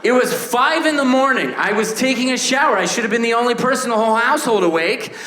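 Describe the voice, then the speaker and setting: High bright voiced guy in his 30s doing stand-up, lively, yells the punchlines, echoey room. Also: fast. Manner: animated, acts out voices, shouts punchlines. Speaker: stand-up comedian. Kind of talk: stand-up comedy set. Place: stage before a laughing audience.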